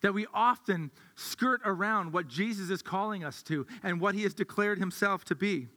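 Male pastor, high-pitched, bright voice; chatty sermon with restarts in a reverberant hall. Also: moderate pace. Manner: conversational, thinks aloud with restarts.

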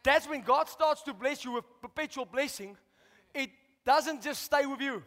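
A man preaching a sermon as pastor, shouting out to the congregation and asking for responses. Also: very high voice, moderate pace. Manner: preaching with rising shouts and call-outs to the congregation. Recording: long hall reverb.

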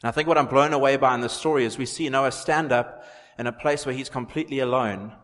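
A man's voice: medium pitch, fast, a bit bright. A man preaching a sermon in an earnest way, repeating phrases for emphasis. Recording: long hall reverb.

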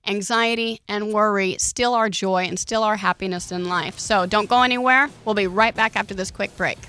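A woman's voice: mid-range voice, steady tone, normal speed, sharp tone, clean tone. A woman co-hosting a casual podcast, teasing her partner, laughing often and steering the conversation. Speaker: podcast co-host. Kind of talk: casual chat.

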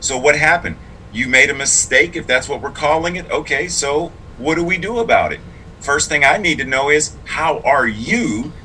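A man's voice: fairly high pitch, expressive, moderate pace, pushed and bright, a little hiss or hum, rough recording. A man who is both clergy and a public school teacher, speaking in a casual interview in an earnest, reflective and emphatic way.

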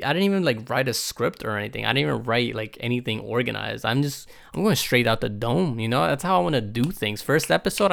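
Hoarse young guy with a raspy, gravelly voice, just rambling off the dome on his podcast, cussing a lot, tons of likes. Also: medium pitch, a bit bright. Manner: rambling, swears a lot, many fillers. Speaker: podcast host. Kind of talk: casual unscripted podcast monologue.

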